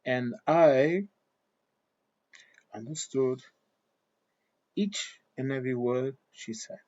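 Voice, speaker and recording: Slow-talking man. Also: medium pitch, darkish tone, no room sound. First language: Portuguese. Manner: thoughtful, unhurried, pauses to find words. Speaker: vlogger. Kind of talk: opinion monologue. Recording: dull lo-fi recording.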